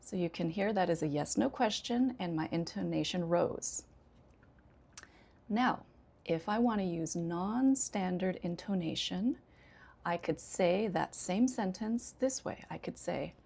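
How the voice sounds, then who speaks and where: An American woman, an ESL teacher, explaining intonation in an unhurried way with frequent pauses. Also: fairly low pitch, vocal fry, a little mellow, husky. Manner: unhurried, many 'um' pauses, demonstrates intonation examples. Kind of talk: casual instructional talk.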